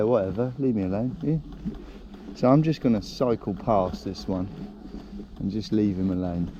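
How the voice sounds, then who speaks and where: A man filming his own bike-touring vlog outdoors, chatting in a casual, excitable and rambling way. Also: medium pitch, creaky, highs cut off. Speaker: touring cyclist vlogger. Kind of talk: casual self-filmed travel chat. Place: outdoors by a rainy roadside. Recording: noisy outdoor camera audio.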